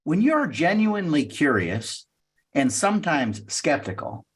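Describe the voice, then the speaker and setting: Energetic man teaching sales. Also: measured pace, slightly rough. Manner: energetic teaching, acts out sales questions with raised pitch. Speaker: sales trainer. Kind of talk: talk at a networking meeting.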